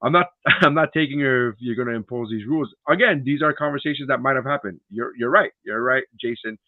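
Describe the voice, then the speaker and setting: A man's voice: mid-range voice, fast talker, no room sound. A man co-hosting a podcast as a comedian, chatting casually, swearing a lot and acting out the people he quotes. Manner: animated, profane, acts out quoted people. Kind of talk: casual chat. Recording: tinny phone-like sound.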